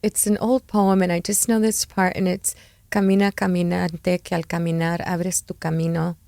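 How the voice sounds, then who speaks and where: A woman's voice: on the low side, level tone, moderate pace, creaky, a little mellow, no room sound, clean studio sound. A middle-aged woman guesting on a podcast, talking in a heartfelt way and mixing in Spanish phrases. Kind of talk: casual interview chat.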